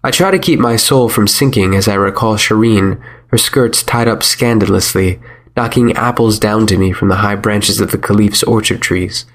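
A man narrating a first-person story in a measured, wry manner. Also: lowish voice, a bit bright.

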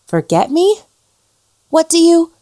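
A woman voicing a bewildered, lonely young woman ghost who speaks in breathless, excited bursts. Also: lowish voice, unhurried, no echo, clean studio sound, pitched above the performer's own voice. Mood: alarmed.

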